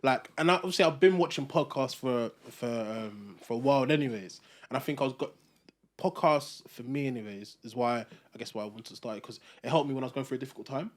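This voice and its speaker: Young male co-host, reflective, meandering, middle pitch. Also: fast. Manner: reflective, chatty, with many fillers. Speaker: podcast co-host. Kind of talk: casual chat.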